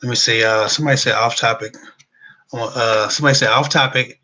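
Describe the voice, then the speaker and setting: A man's voice: medium pitch, fairly even intonation, a little fast, pushed and bright, poor audio. A middle-aged man hosting a live relationship Q&A, chatting casually and reading out viewer comments, with loose colloquial phrasing. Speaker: relationship advice host.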